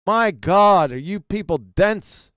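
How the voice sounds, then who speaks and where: A man hosting a casual live panel chat, animated and mocking, laughing often. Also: high-pitched, slow pace, smooth, dry recording, clean studio sound. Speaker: stream host.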